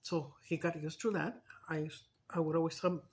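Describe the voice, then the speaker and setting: A woman's voice: sits low, little pitch movement, moderate pace, slightly rough. A woman chatting casually in a vlog, telling stories with feeling, swearing and slipping in Spanish. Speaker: mukbang vlogger. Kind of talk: casual storytelling chat.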